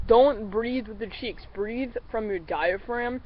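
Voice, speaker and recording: A man who is a little under the weather talks through a beginner's duck calling lesson in a loose, rambling way, often calling his viewers guys. The recording is a bit dull and lo-fi, with faint road noise in the background. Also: sits high. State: a little sick. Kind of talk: casual tutorial.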